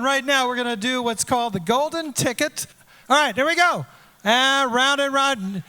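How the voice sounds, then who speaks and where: A man with a very high, bright, cutting voice runs a live charity auction. He rattles off bid numbers in a fast repeating chant, heard through a stage mic across a big banquet room. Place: large event hall.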